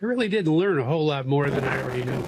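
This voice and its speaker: A man's voice: medium pitch, animated, very fast, background noise. A man being interviewed, answering plainly and briefly, unimpressed.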